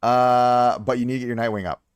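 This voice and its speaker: A man's voice: mid-range voice, steady tone, fairly quick, smooth, dry recording. A young adult man chatting casually on a live stream, reviewing viewers' game accounts and repeating himself for emphasis.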